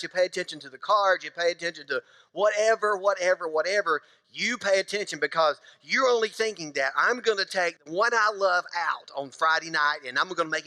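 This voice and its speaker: A man's voice: high-pitched, sharp tone, dry recording, in a large hall. A middle-aged man preaching a sermon in a church, casual and joking, acting out little scenes from married life. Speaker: pastor. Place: church sanctuary.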